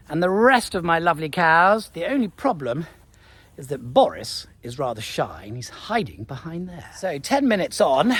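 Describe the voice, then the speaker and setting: A man's voice: high-pitched, fairly bright tone, breathy edge. A man vlogging from his farm, chatting to the camera and coaxing his cattle along. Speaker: farmer vlogger. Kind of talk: casual farm vlog narration. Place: outdoors on a farm and at a livestock market.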